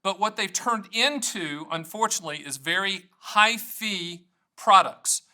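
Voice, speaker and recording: A man's voice: sits high, measured pace, bright, forceful tone. A middle-aged American man hosting a solo video, playful and self-mocking, switching between jokes and explanation. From United States. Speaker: annuity agent and show host. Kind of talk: energetic solo video monologue to camera.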